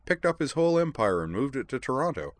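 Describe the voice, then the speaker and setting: A sharp, curious young woman with a bright, high voice, as a male reader puts her on. She questions others quickly. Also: sing-song, no room sound, close to an everyday voice.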